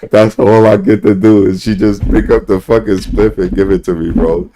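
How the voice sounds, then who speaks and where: A man's voice: fairly low pitch, steady tone, moderate pace, dark tone. A young man ranting casually to his stream chat, rambling, swearing and repeating "bro" and "son" constantly.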